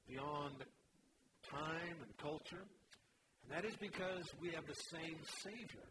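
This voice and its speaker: A man preaching a sermon as pastor, emphatic and animated, mixing scripture with humorous stories. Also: a little high, noisy background.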